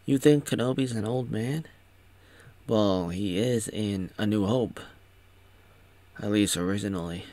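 A man with a lowish voice gives a slow, rambling recap. His tone is sarcastic, and he restarts often as he talks. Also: mellow, no echo. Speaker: show recap commentator. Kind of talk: casual commentary.

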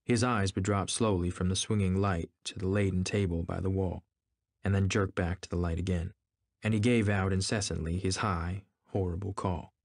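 Male narrator, low voice, measured literary reading, dry close sound. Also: steady tone, creaky, no echo. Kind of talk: scripted narration.

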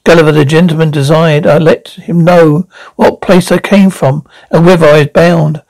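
A man reading as a courtly, old-fashioned gentleman. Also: a little high, steady tone, vocal fry, no echo, poor audio. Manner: formal archaic phrasing, halting.

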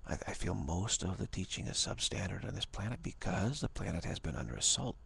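Man, spiritual teacher, deep voice, heavy vocal fry, halting speech, often half-whispered. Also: animated, fairly bright tone. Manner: halting, repeats words, drops to a half-whisper. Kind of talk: informal spiritual talk.

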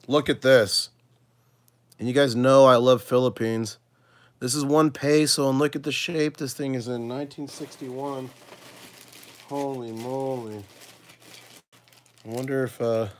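A man hosting a casual coin-collecting video, chatting to his viewers and thinking aloud as he sorts, with excited little exclamations. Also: medium pitch, a little hiss or hum. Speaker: coin collecting channel host. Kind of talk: casual live coin sorting chat.

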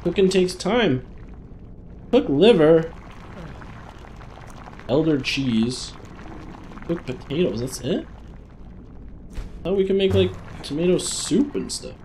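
A man's voice: a little high, animated, takes it slowly, long pauses, darkish tone, a little hiss or hum. A man hosting a gaming channel, thinking aloud in chatty let's play commentary as he plays.

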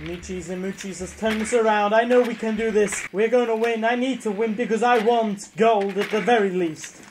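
A woman giving live gameplay commentary, excitable, shouting and swearing at the game as she plays. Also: mid-range voice, fairly quick, a little hiss or hum. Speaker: gaming YouTuber.

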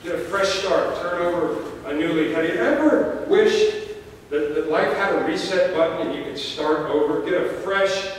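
A man preaching a sermon, his slightly high voice carried by a long church reverb. He tells stories and jokes with dramatic pauses, heard from a distance with faint room noise behind him. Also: big pitch swings. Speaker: pastor. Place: church sanctuary. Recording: echoey church hall from far off, faint noise.

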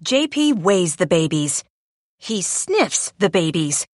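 A woman reading a children's storybook aloud in an expressive way. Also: fairly low pitch, slow, no room sound, clean studio sound. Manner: lively, expressive. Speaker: storybook reader.

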